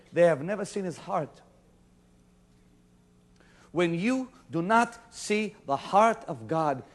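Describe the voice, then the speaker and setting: A male pastor preaching a sermon to a congregation, shouting some lines and dropping to a near hush on others. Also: high voice. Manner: preaching with sudden shouts and hushed stretches. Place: church before a congregation.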